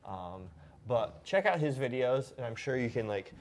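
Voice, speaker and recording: A man's voice: medium pitch, normal speed. A man in his thirties hosts a casual live stream, answering viewer questions in a loose, rambling way. A faint background hiss sits under his voice. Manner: relaxed, rambling, reads viewer questions aloud. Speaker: host.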